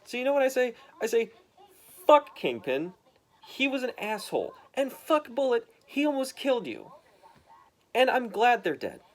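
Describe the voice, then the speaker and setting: A man putting on a young man's voice that jumps up high and stays loud and heated. He is brash, defiant and profane, retelling a comic book scene. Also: lively intonation, normal speed, hardly any pauses.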